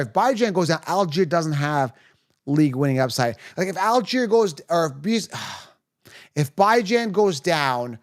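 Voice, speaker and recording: A man's voice: fairly high pitch, no echo, studio quality. Tired, rambling man on a livestream. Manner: rambling, fast, answers viewer questions with restarts and repeated 'okay?'. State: tired, running on fumes late at night. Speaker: fantasy football livestream host. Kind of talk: casual livestream Q&A.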